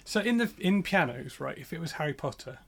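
A man co-hosting a casual podcast from home, joking and rambling through animated stories. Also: a little high, fairly quick, gravelly, crowd noise. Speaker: podcast co-host. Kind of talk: casual chat.

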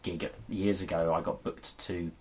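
A man who is a musical comedian, chatting as a podcast guest in a halting way, with many restarts. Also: low-pitched, little pitch movement, husky. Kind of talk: casual podcast chat.

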